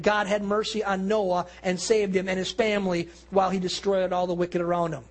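A man preaching earnestly, slowing down and dropping low and quiet at solemn points. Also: flat delivery. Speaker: pastor. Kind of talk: sermon.

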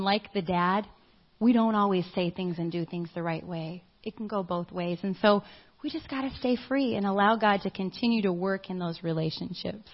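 Middle-aged woman preaching, lively storytelling, kinda dull lo-fi sound. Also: medium pitch. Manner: animated storytelling, acts out quoted voices. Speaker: church speaker. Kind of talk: sermon with personal story. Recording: dull lo-fi audio.

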